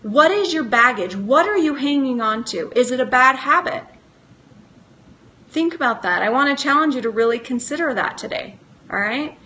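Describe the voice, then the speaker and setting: A middle-aged woman with a high, bright voice gives a live motivational talk straight to her viewers. She coaches in an earnest way and keeps putting questions to them. Her tone stays clear and lifted. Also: expressive, moderate pace. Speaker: motivational speaker.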